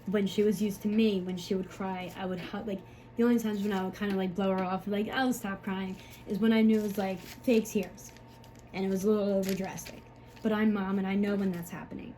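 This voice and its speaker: A woman's voice: mid-range voice, level tone, fairly quick, warm tone, a little hiss or hum, low-quality recording. A woman, a mother, talking to camera in a rambling, frustrated way, full of fillers and swearing. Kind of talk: emotional personal monologue.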